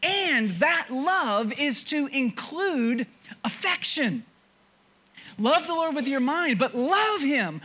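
A preacher giving a sermon to a congregation, asking them questions and often repeating words as thoughts restart. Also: high voice. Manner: animated, stammering restarts, rhetorical questions to the congregation. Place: church before a congregation.

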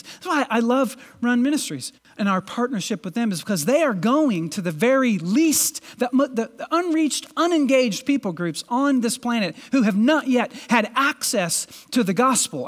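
Lively, emphatic preacher delivering a sermon. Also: mid-range voice. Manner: earnest, emphatic preaching with frequent restarts. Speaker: pastor. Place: church congregation in a city.

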